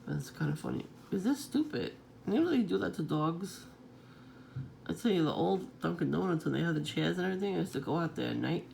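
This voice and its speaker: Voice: mid-range voice, big pitch swings, fairly quick, vocal fry, a little mellow, slight background noise. A vlogger talking in a casual, rambling monologue, swearing freely and chuckling often.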